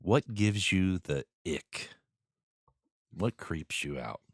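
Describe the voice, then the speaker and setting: A man's voice: low voice, no echo, studio quality. A man hosting a casual podcast chat, asking random questions and laughing often. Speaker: podcast host.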